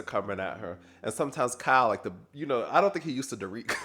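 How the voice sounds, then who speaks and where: Man, lowish voice, sassy, chatty, casual recap commentary, laughs easily. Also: sing-song, fast talker, few pauses, a bit bright. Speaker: reality TV recap reviewer.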